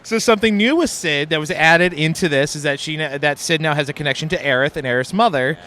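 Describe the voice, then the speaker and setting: A man's voice: fairly high pitch, brisk, sharp tone. A man interviewing a guest at a convention, asking eager, fan-style questions.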